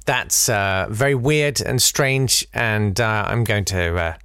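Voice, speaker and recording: A man hosting a casual solo podcast, wry and rambling, with big swings in pitch. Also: takes it slowly, sharp tone, clean tone, dry recording, studio quality. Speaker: podcast host.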